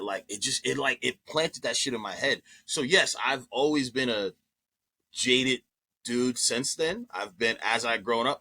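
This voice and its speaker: A comedian telling a story on a podcast in an animated way, swearing freely and repeating himself. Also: male voice, mid-range voice, no room sound. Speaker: comedian guest.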